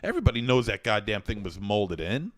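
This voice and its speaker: A man's voice: fairly low pitch, very animated, brisk, a bit bright, no echo. A man co-hosting a casual podcast chat who stammers and restarts his sentences and laughs easily. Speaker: podcast co-host.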